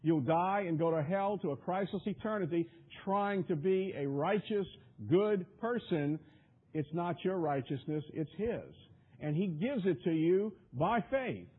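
Brief: a high-voiced, husky male preacher delivering an emphatic, repetitive sermon over a tinny radio line. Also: lively intonation, measured pace. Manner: emphatic, repetitive, stumbling restarts.

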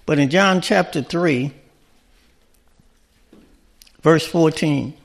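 Speaking very slowly, a fairly high-voiced preacher addresses his congregation in a conversational way. He keeps pausing to check in with rhetorical questions.

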